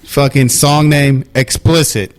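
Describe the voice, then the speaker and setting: A man's voice: medium pitch, steady tone, slow pace. A young man co-hosting a podcast, blunt and joking, with plenty of swearing. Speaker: podcast co-host. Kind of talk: casual chat.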